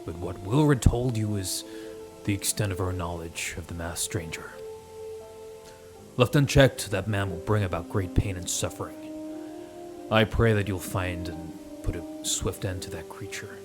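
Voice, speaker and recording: A man reading the lines of a grave older male leader of exiles from a video game in a solemn, measured American accent. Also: sits low. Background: background music.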